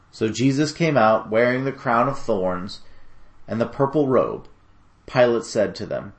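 A man narrating a dramatic scripture reading in a steady, solemn storytelling manner. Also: fairly low pitch, moderate pace.

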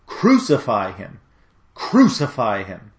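A man voicing an angry crowd, calling out slow, emphatic demands in a dramatic scripture reading. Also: on the low side, wildly swooping pitch, roomy sound, heavily acted. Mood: demanding.

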